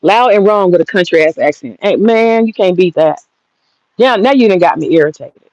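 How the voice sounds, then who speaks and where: A woman in her thirties rants at a critic in a profane, combative way. Her voice has a gravelly fry. The recording is dry and close but dull and lo-fi. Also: mid-range voice, animated, normal speed, darkish tone, no room sound. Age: 30s. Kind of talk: heated casual rant. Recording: dull lo-fi sound.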